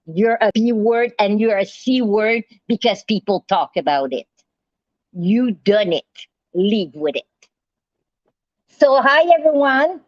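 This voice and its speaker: A woman's voice: medium pitch, dry recording. Confrontational woman ranting on a livestream. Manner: repetitive, confrontational, talks straight to a rival. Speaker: livestream host. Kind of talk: heated livestream rant. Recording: dry, dull lo-fi sound.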